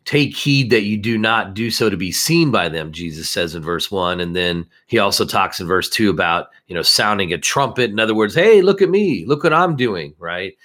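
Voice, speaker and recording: A man's voice: sits low, moderate pace, hardly any pauses, sharp tone. A man hosting a Bible discussion, reading verses aloud and explaining them earnestly.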